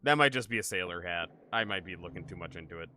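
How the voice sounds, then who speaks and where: A man's voice: deep voice, expressive, quick pace, over music. A man streaming a game, joking with chat and thinking aloud as he plays. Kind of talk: casual gaming stream chat.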